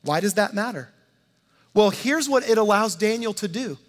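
High-voiced preacher in a reverberant hall. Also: male voice, expressive, normal speed. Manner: conversational preaching, dramatizes quotes, repeats words. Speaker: pastor. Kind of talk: sermon.

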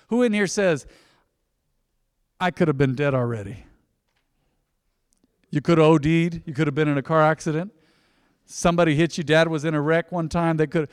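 A man preaching a sermon as pastor, in a conversational, emphatic manner that swings between loud bursts and soft asides. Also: on the high side, no room sound, studio quality, in a large hall.

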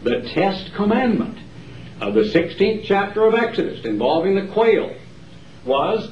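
A male evangelist preaching a campaign sermon with emphatic, dramatic pauses, recorded live in a large hall. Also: sits high, sing-song, a little hiss or hum. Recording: roomy hall, distant dull mic.

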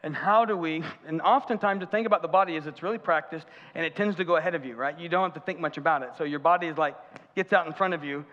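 A man's voice: on the high side, fast, a bit bright. A man preaching a conversational sermon as pastor, with humorous asides and audience questions. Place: church sanctuary. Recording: muffled church hall reverb.

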